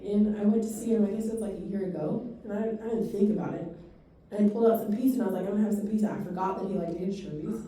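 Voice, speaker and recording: A woman giving a dementia care training talk to a live audience, telling stories and quick asides in a fast, animated way. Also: medium pitch. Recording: echoey room from far off.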